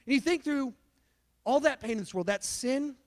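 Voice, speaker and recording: Youth pastor guy, really high voice, chill chatty sermon, lots of hall echo. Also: animated, moderate pace. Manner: casual, chatty preaching with lots of "like". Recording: long hall reverb.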